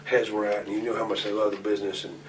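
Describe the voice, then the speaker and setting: A man in his forties tells rambling, profane stories in a shoot interview. His voice sits fairly low and he talks bluntly. The mic is set well back and room noise hangs behind him. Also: flat delivery, racing. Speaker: pro wrestler interview guest. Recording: distant mic, noisy room ambience.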